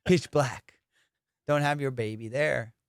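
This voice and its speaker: A man hosting a casual comedy podcast, telling stories in an animated, profane way and laughing often. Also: mid-range voice, slow, clean tone, no room sound, clean studio sound.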